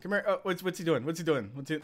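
Excitable Canadian man streaming a game. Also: a little high, racing, a little hiss or hum. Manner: excitable, yelps and laughs in panic. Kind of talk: live gameplay commentary.

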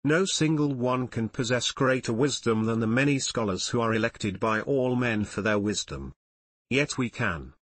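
A man narrating an audiobook in a measured, solemn reading voice. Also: mid-range voice, lively intonation, breathy edge, no echo. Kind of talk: scripted narration.

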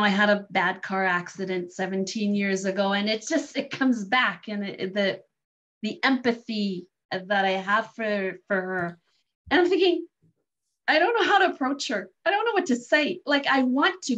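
Animated storyteller, woman, laughs easily, muffled lo-fi audio. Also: on the high side. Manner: animated, laughs often, restarts lines. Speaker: guest sharing a story. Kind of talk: casual storytelling. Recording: dull lo-fi sound.

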